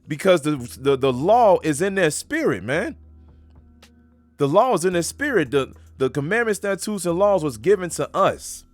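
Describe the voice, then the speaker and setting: Emphatic, higher-voiced male preacher. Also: animated, moderate pace, dry recording, faint music behind. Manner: emphatic, street-talk phrasing, keeps saying "man". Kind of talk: casual preaching with scripture reading.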